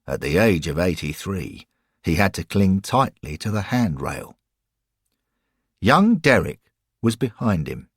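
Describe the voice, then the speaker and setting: A man narrating a scripted audio story in a measured way. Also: deep voice, sing-song, breathy edge, dry recording, studio quality.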